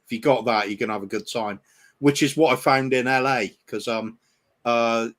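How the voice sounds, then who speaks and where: A man's voice: mid-range voice, steady tone, normal speed, a bit bright. A man co-hosting a podcast in casual chat, hesitant, with frequent ums and restarts. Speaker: podcast co-host.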